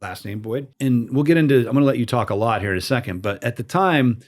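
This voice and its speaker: A man hosting a casual interview podcast, telling his own story in a lively, animated way and acting out the voices of people he quotes. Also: mid-range voice, fast talker. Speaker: podcast host.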